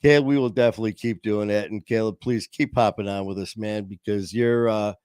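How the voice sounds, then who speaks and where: A man's voice: fairly low pitch, fairly even intonation, a little fast, a little mellow, smooth, no room sound, studio quality. A man hosting a podcast, telling stories in a loose, unscripted way with many restarts and chuckles, speaking over a video call. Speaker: podcast host. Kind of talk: casual storytelling chat. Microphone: video call via streaming software.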